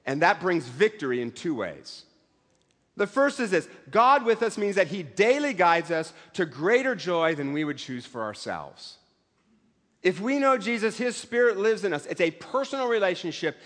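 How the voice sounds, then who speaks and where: A man's voice: fairly high pitch, fairly bright tone. A middle-aged man preaching a sermon in a conversational way, with self-deprecating humor and acted-out voices. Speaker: pastor. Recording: long hall reverb.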